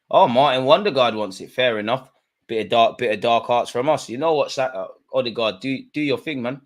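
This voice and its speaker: A man doing live football watch-along commentary. He talks in slangy banter and gets excitable, shouting at the referee. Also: medium pitch, a little fast. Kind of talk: live match reaction commentary.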